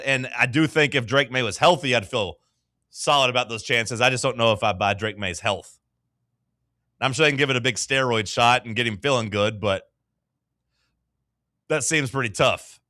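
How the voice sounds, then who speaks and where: A man's voice: medium pitch, sharp tone, no echo, studio quality. A man hosting a casual sports talk show, loose and chatty with lots of filler words.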